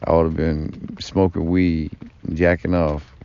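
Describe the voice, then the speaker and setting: Gravelly low-voiced man, rambling and profane. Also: flat delivery, slow. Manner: profane, meandering, with frequent fillers and asides. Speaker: vlogger. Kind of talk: rambling personal storytelling monologue. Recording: dull lo-fi recording.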